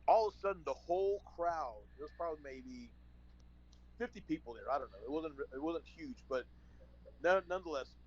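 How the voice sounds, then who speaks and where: A man from San Antonio spins a story in a loose, chatty way, acting out both sides of old phone calls. His voice sits a little high for a man, and the recording is dull and lo-fi. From San Antonio, Texas. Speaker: podcast guest, former wrestler. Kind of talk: casual storytelling.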